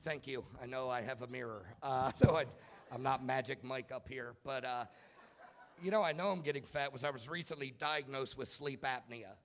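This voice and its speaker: A man in his thirties doing a stand-up comedy set in a club, telling self-mocking stories about his kids and bursting into shouted punchlines. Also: mid-range voice, moderate pace, slight background noise. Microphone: handheld stage mic.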